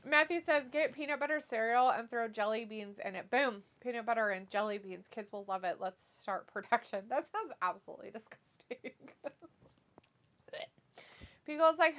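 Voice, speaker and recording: Female streamer, slightly high pitch; reads viewer comments aloud, quick to giggle. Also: fairly bright tone. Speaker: watch-along co-host. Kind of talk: casual livestream chat.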